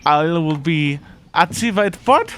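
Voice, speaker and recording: A man's voice: fairly high pitch, expressive, a little slow, fairly bright tone, a little hiss or hum. A man playing an eccentric, emotional music professor who rambles earnestly, with odd phrasing, in an improvised comedy interview.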